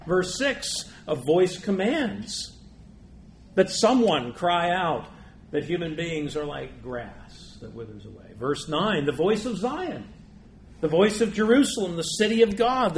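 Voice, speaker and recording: A man preaches a sermon in a somewhat high voice with a gravelly edge. He builds through rhetorical questions to emphatic peaks. The sound is roomy and echoey, with faint noise underneath. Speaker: pastor.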